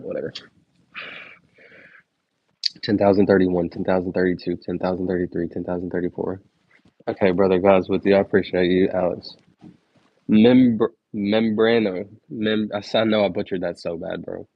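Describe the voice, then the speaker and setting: On a laid-back livestream, a young man counts aloud in a low, steady voice at a moderate pace, pausing often. Between numbers he chats with viewers in slang; the stream sound is dry, dull and lo-fi, with no echo.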